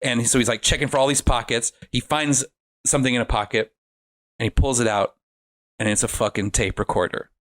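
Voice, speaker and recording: A man with a mid-pitched, ordinary voice tells a film's story at length on a casual podcast. His delivery is animated and loose, and he peppers it with profanity. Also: a little fast. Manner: animated storytelling with frequent swearing. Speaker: guest. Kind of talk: casual podcast film recap.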